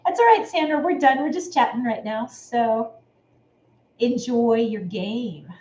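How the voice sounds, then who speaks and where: A woman's voice: a little high, animated, unhurried, darkish tone, highs cut off. A woman hosting a sewing channel live stream, talking casually and rambling, thanking viewers by name as she goes. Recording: echoey room with faint noise.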